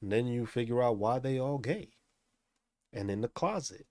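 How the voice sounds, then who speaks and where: A man's voice: medium pitch, expressive, moderate pace, darkish tone, no room sound, clean studio sound. A man hosting a profane, angry rant, mocking the people he talks about. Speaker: host. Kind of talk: profane ranting commentary.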